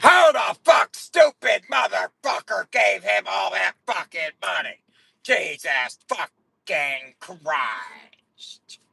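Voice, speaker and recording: A man voicing a jeering hater who shouts in a raised, high-pitched voice. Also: expressive, takes it slowly, creaky, husky, exaggerated voice. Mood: mocking.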